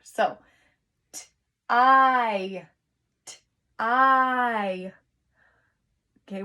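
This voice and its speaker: A woman teacher giving a recorded lesson to young children, patient and encouraging, sounding out words slowly. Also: medium pitch, a bit bright.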